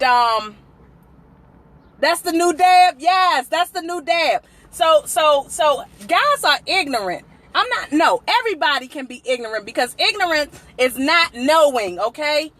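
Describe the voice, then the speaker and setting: Woman, high voice, casual livestream host, talks from her car on a phone. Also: lively intonation, unhurried, fairly bright tone. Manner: chatty, greets viewers by name, laughs often. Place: outdoors in a parked car in a shopping center.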